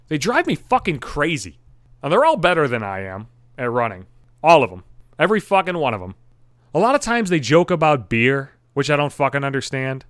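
A man rants on his podcast, swearing in nearly every line as his exasperation builds. His voice sits a little higher than most men's. The sound is dry and close, with no room behind it. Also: very animated, fairly quick, a bit bright, no echo. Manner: swears constantly, ranting and exasperated. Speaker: podcast host. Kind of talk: profane comedic rant. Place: at home.

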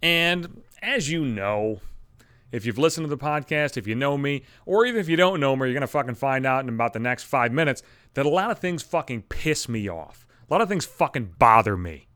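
A man's voice: medium pitch, animated, brisk, a bit bright, no echo, studio quality. A man hosting a podcast, ranting alone at home into a microphone, blunt and swearing constantly. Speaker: podcast host. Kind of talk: solo profane rant. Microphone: studio microphone.

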